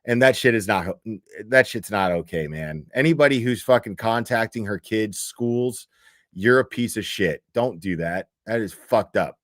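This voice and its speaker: A man's voice: fairly low pitch, animated, moderate pace, no room sound. Profane exasperated man ranting, dry sound. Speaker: commentary streamer. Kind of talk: ranting reaction commentary reading posts aloud.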